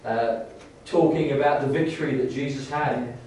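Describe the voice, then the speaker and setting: A man preaching a sermon in a church, halting with many restarts and rising to fervent emphasis. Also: mid-range voice, steady tone, a little mellow, a little hiss or hum. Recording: echoey church hall, distant mic.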